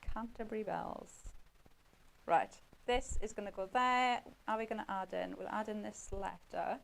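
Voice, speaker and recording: A woman's voice: mid-range voice, normal speed, gravelly, poor audio. A woman giving a chatty running commentary while demonstrating a craft on live TV.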